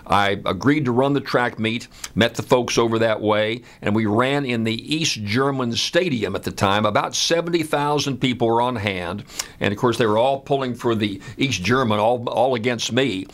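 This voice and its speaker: A man in his seventies from the United States, telling a personal story in an unhurried, conversational way with frequent "uh" fillers. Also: medium pitch, a bit bright. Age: 70s.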